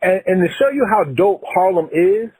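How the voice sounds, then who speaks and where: A man's voice: sits high, expressive, moderate pace, a little mellow, breathy edge, no echo, poor audio. A man hosting a podcast in casual conversation, talking with enthusiasm and running through lists of names. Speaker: podcast host.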